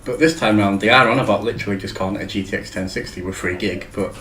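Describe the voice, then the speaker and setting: A man's voice: fairly low pitch, fast talker, a bit bright, reverberant, poor audio. A man hosting a casual tech chat show, rambling and joking with frequent swearing. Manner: rambling, swears freely, jokey. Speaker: show host.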